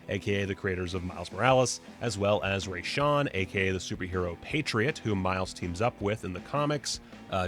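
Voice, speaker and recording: A man with a fairly low voice talks through a casual pop-culture video in a chatty, joking way. He gets excitable, and faint music plays underneath him. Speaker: film video host.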